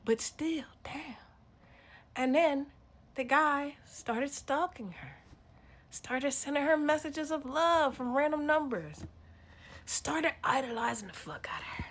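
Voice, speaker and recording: Blunt, bright-voiced woman ranting. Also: high-pitched, animated, slow. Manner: blunt and profane, swinging from muttered asides to loud outbursts. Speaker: spiritual reader. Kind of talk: casual rant to camera.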